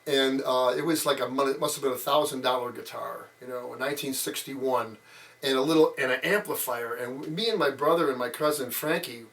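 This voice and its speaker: At a medium pitch and a fairly quick clip, a man in his sixties rambles through childhood memories in a casual interview, his tone a bit bright. Fillers pile up, he acts out the quotes, and his voice sounds a bit distant from the microphone.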